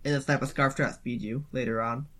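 A man co-hosting a casual gaming podcast, talking in an animated way and using lots of fillers. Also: medium pitch, fairly quick. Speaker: podcast co-host.

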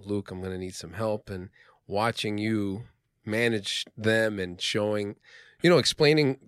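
Brief: man, lowish voice, earnest reflective chat, dry close sound. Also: smooth, no room sound. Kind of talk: casual podcast chat.

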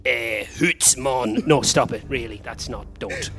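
In a live comedy stage play recorded on a theatre stage, an actor plays a flustered male time traveller who keeps running into copies of himself, bickering in rapid, confused back-and-forth. His voice sits at medium pitch, with a bright, forceful tone.

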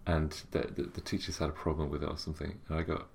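Deep, gravelly-voiced young man. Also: monotone, fast talker. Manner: hesitant, stumbling over his words. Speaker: podcast co-host. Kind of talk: casual chat.

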